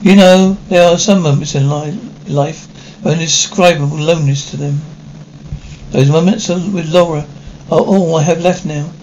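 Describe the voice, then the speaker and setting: An older actor playing a melancholy aging stage star in a 1950s television drama, talking in a wistful, theatrical way. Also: male voice, a little high, steady tone, moderate pace, a little mellow, close to an everyday voice, rough recording. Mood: weary, melancholy. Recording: faint hiss of an old TV soundtrack.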